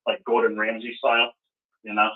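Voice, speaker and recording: A man from Rhode Island with a New England accent, chatting loosely as host on a call-in show, self-deprecating and quick to laugh. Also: medium pitch, monotone. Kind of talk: casual call-in chat. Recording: phone-like call audio.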